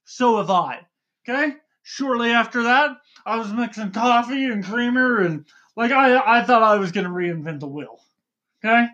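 A woman co-hosting a casual podcast, talking loudly and getting excited, with numb lips from cold sores. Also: on the high side, normal speed, muffled recording. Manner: loud, yells into the mic when excited. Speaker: podcast co-host.

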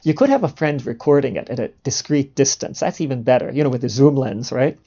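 A man's voice: mid-range voice, animated, a little fast, vocal fry, warm tone, lo-fi sound. A man hosting a podcast, delivering a provocative monologue in a sarcastic, mock-indignant way and chuckling at his own jokes. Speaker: podcast host.

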